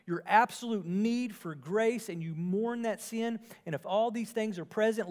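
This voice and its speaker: A male pastor preaching an earnest sermon, moving between emphatic and quiet passages. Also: high voice.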